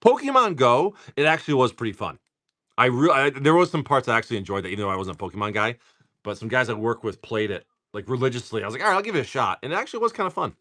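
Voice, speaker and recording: A man's voice: medium pitch, very animated, sharp tone, no room sound, studio quality. Tired, cussing man hosting a card stream. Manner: swears freely, teasing, chatty, reads card names off quickly. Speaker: card-breaking stream host. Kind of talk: casual live-stream chat.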